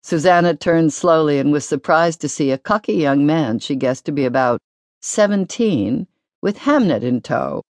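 A woman narrating a novel in a measured, expressive storytelling voice. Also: deep voice, no room sound, studio quality. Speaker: audiobook narrator. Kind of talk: scripted narration.

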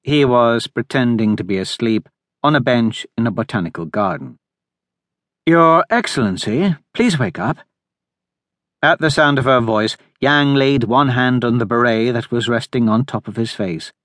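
A man narrating an audiobook in a steady, measured way. His voice sits at a mid pitch and is recorded dry and close on a studio mic. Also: dry recording. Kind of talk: scripted narration.

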